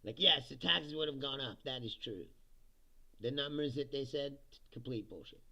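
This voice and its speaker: A man's voice: medium pitch, moderate pace, creaky, bright, forceful tone. A man hosting a livestream, giving a casual, profane political rant with sarcastic asides and chuckles at his own jokes.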